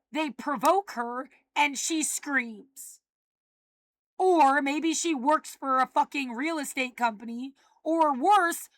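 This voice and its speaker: A woman in an agitated, profane rant, often breaking into shouting. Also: high voice, no echo.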